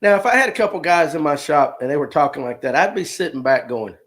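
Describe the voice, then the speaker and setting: Folksy fifty-something man, pitched a bit high. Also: animated, quick pace, hardly any pauses, fairly bright tone. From Georgia, US. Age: 50s. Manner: folksy, joking, reads viewer comments aloud. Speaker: livestream host. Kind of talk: casual live-stream chat.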